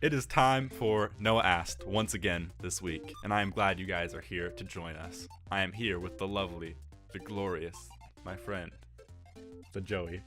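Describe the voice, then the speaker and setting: A man's voice: sits low, steady tone, measured pace, a bit bright, soft background music. A man hosting a casual podcast chat, laughing often between his lines. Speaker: podcast host.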